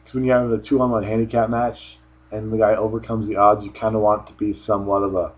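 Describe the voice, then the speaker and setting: A man's voice: fairly low pitch, level tone, fast talker, dull audio. A man giving a casual solo review of a wrestling show, rambling offhand with frequent restarts.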